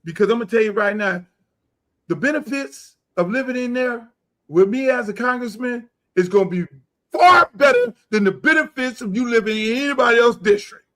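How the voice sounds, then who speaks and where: A middle-aged man hosting a podcast, ranting loudly and boastfully, with a lot of profanity. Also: very high-pitched, lively intonation, fairly quick. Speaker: podcast host. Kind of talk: heated casual talk.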